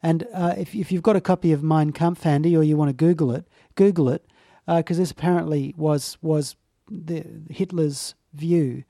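A man's voice: on the high side, fairly even intonation, normal speed, warm tone, dry recording, studio quality. A man hosting a casual commentary chat, speaking earnestly and with emphasis, lingering on his phrases. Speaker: talk show host.

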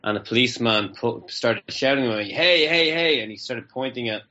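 A man's voice: mid-range voice, steady tone, a little fast, bright, forceful tone. An Irish man, a comedian guest on a radio interview, telling stories in a joking, incredulous way. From Ireland. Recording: dull lo-fi radio audio.

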